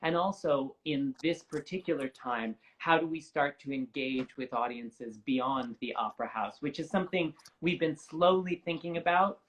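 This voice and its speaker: A man's voice: fairly high pitch, fairly even intonation, moderate pace, hardly any pauses, a bit bright, low-quality recording. Articulate, earnest man reflecting aloud. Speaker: opera singer guest. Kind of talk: conversational interview.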